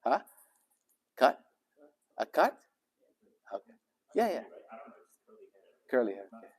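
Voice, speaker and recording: A man's voice: mid-range voice, very animated, slow, husky. A middle-aged man, a sheikh, chatting casually and jokingly with teenagers in a mosque youth program. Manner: easygoing and joking. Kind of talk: casual chat with teens.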